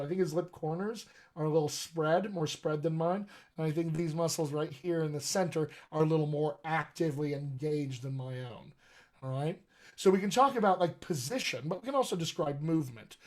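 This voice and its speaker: Man coaching actors on accents, live stream. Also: on the high side. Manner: explanatory, peppers lines with "all right?". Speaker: dialect coach. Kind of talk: live-streamed acting lesson.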